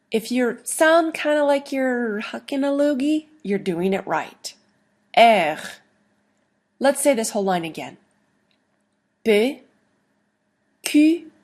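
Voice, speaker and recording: A woman teaching a recorded online lesson, explaining slowly and deliberately with playful asides. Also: mid-range voice. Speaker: language teacher.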